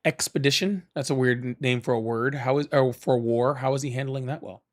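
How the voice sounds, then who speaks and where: A man hosting a live political call-in stream, chatting casually and pressing callers hard. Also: mid-range voice. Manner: argumentative, quick to press callers.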